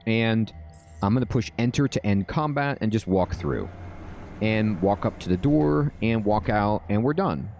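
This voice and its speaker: Low, mellow-voiced man explaining a game. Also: unhurried, creaky, a little hiss or hum. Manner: relaxed, checks in often with "all right?". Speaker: game guide host. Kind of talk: casual gameplay tutorial commentary.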